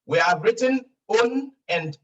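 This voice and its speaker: Slow-talking male Arabic teacher, distant mic. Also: high-pitched, animated, highs cut off. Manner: patient, repeats phrases for students to echo. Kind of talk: online language lesson.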